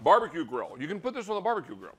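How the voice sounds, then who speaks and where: A man's voice: high voice, wildly swooping pitch, racing, slightly rough. A man hosting a live TV shopping cooking demo, with upbeat, salesy patter. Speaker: shopping channel host.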